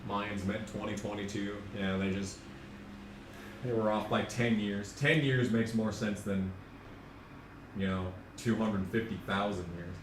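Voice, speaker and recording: A young man with a lowish, fairly even voice, speaking a little slowly, streams a racing game. He rants and jokes, throwing in sarcastic, profane asides as casual commentary. The room is echoey, the mic distant, with faint noise.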